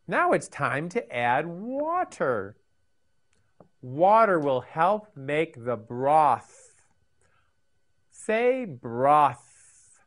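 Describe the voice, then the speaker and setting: Slow, sing-song woman teaching vocabulary. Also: low voice. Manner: slow, sing-song, repeats words for learners. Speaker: English teacher for children. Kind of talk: scripted vocabulary lesson.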